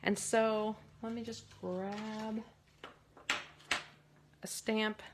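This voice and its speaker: Slow, chatty woman crafting at home. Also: mid-range voice, heavy background noise. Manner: chatty, rambling, excitable. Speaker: card-making host. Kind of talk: casual crafting tutorial.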